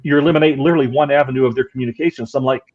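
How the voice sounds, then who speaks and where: A man's voice: mid-range voice, fairly even intonation, racing. A man on a paranormal panel who explains his view with many stammered restarts. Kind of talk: casual panel chat. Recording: muffled lo-fi audio.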